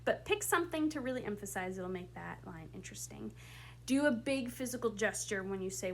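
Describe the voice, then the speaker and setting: A woman's voice: medium pitch, lively intonation, a little fast, a little hiss or hum. A woman directing a school play, giving blocking notes to her actors in a casual way full of fillers. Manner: casual and chatty, with many fillers. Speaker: drama director.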